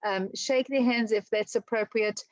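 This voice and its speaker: A woman with a South African accent giving an online talk on job interviews, speaking fast and chatty with many ums and restarts. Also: a little high, fairly even intonation, dry recording, rough recording. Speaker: webinar presenter on interview skills. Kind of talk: casual webinar talk.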